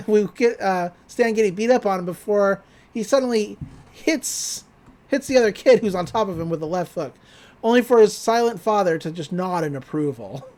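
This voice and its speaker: A man co-hosting a podcast, casually recapping a cartoon episode with animated energy. His pitch sits in the middle but swings widely as he tells the story. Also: normal speed. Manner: animated retelling, quotes characters in put-on voices, laughs often. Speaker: podcast co-host.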